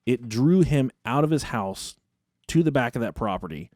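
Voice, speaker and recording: A man's voice: medium pitch, lively intonation, normal speed, a little mellow, no echo, clean studio sound. A man hosting a podcast, telling a spooky story in a profane, casual, comedic way. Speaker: podcast host.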